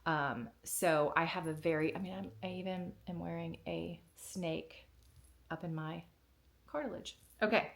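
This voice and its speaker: A woman vlogger unboxing a package in a casual, excited way, gushing and close to tears. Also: on the low side, unhurried, vocal fry.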